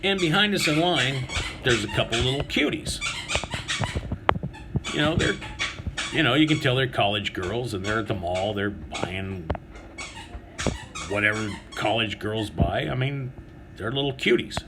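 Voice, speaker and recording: A foul-mouthed man rants through an everyday story, sarcastic and crude, bursting into louder acted-out quotes. His voice sits at an ordinary pitch. Steady background noise runs under the recording. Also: a little slow, pauses often. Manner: crude, sarcastic, swears constantly, acts out quotes in raised voice. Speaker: vlogger. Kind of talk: profane comic storytelling rant.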